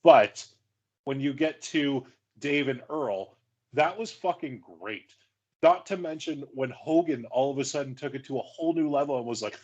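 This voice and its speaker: A man's voice: mid-range voice, moderate pace, darkish tone. A man co-hosting a podcast, arguing and joking with frequent swearing. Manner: profane, joking, argumentative. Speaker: podcast co-host. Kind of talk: casual podcast banter.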